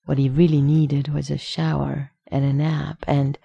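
Woman narrator, story reading, steady, measured, dark mellow tone, low. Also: gravelly, breathy edge. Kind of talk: audiobook fan fiction reading.

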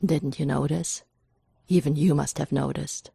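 A woman voicing a brusque, brilliant male detective in a story reading, speaking in a low, clipped, measured way. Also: fairly even intonation, creaky, warm tone, slightly rough, no room sound, clean studio sound, heavily acted. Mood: brisk.

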